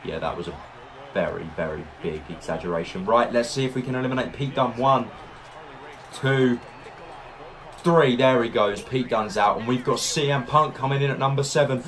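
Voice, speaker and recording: A man giving excitable let's-play commentary, narrating each move and reacting loudly as he plays. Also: medium pitch, normal speed. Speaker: gaming YouTuber.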